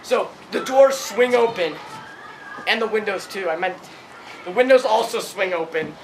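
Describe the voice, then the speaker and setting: Brief: young man, very high voice, giggly rambling improv storyteller, noisy recording. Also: normal speed. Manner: giggly, rambling, full of fillers, voices shouted quotes. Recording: clear background noise.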